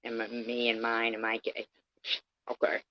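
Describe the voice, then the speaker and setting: A woman's voice: rumbling low, monotone, moderate pace. Heated, cursing woman on a lo-fi stream. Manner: heated, profane, confrontational, addresses critics directly. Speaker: livestreamer. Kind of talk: angry ranting livestream. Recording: dull lo-fi stream audio.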